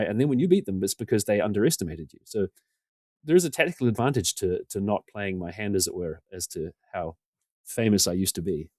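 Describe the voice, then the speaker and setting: A low-pitched man in his forties talks quickly as a podcast guest, recorded close and dry with no room sound. He is self-deprecating and gets animated when he acts out what other people said. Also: no echo. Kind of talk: casual storytelling interview.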